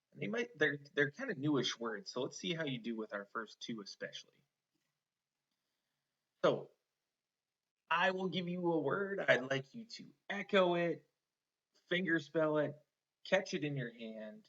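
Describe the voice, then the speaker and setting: A man teaching an online phonics lesson to children, slow and encouraging, stretching out each sound. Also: on the high side, fairly bright tone. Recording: slightly dull lo-fi online lesson audio.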